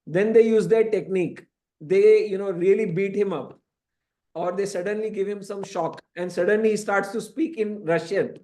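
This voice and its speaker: Mellow high-voiced man teaching a class. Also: moderate pace. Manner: explanatory, frequent "you know" asides. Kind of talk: lecturing to a class. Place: temple classroom.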